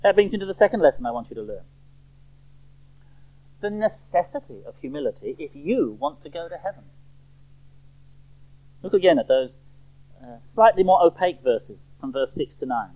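A man's voice: fairly high pitch, big pitch swings, normal speed, pauses often. A man preaching an expository sermon, emphatic and fond of rhetorical questions. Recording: tinny phone-like sermon recording.

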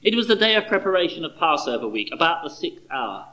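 A middle-aged man preaching with a lively voice that swoops up and down, set a little above the usual male pitch. He moves from storytelling into rhetorical questions, conversational and animated throughout the sermon. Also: quick pace, rough recording.

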